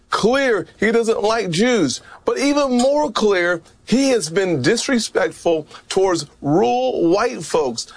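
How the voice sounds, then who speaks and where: Forceful high-voiced man, gravelly edge. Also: dry recording. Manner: forceful, emphatic. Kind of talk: political campaign speech clip.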